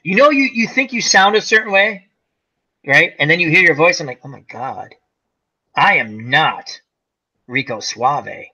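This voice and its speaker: A man's voice: high voice, big pitch swings, fairly quick, pushed and bright, low-quality recording. A man in his forties hosting a casual chat, telling stories animatedly and acting out voices. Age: 40s. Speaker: host.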